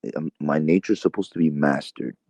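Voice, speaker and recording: A man streaming on a group voice call who talks slowly and deliberately. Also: extremely low pitch, darkish tone, no echo. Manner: slow deliberate speech. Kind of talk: casual group call chat.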